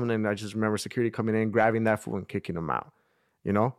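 A young man telling a story to friends in casual chat, animated, swearing freely, full of slang and acting out what people said. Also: on the low side, racing.

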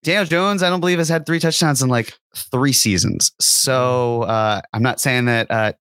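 A man's voice: mid-range voice, moderate pace, a bit bright, dry recording. Easygoing male podcast co-host. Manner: easygoing, laughs often. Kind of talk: casual sports podcast chat.

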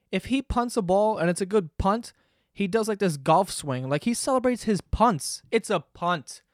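A young man hosting a podcast, ranting in a casual, animated and profane way. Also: sits high, no room sound, studio quality. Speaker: podcast host. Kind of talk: casual monologue rant.

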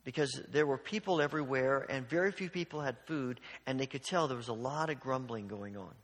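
A man preaching a sermon in an earnest way, often stumbling over repeated words and dropping to a hushed voice for emphasis. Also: medium pitch, brisk, long reverb tail. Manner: earnest, repeats words when restarting, drops to quiet near-whispers for emphasis.

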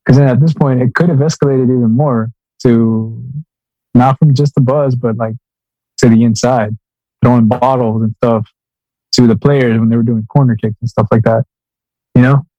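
A man's voice: mid-range voice, steady tone, moderate pace, dark tone, no echo. Blunt man with a dry muffled sound. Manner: blunt, swears casually. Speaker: podcast co-host. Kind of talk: casual sports chat.

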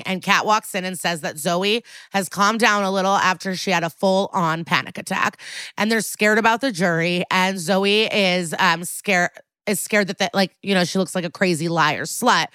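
A woman's voice: lowish voice, clean tone, no room sound. A woman co-hosting a podcast, recapping a TV episode in casual, profane chat and acting out the characters' lines. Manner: animated, profane, acts out quoted lines. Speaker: podcast co-host.

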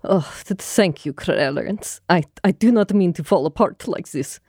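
A woman's voice: lowish voice, expressive, normal speed, a little mellow, breathy edge, dry recording, clean studio sound. A woman voicing a melodramatic noblewoman captain who speaks in an overwrought way and rolls her R's, during a tabletop game. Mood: fragile. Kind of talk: tabletop role-play character voice.

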